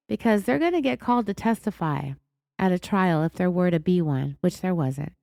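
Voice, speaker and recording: A woman's voice: medium pitch, normal speed, creaky, dark tone, no echo. A woman hosting a true-crime podcast, talking in a sarcastic, indignant and blunt way. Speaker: podcast host.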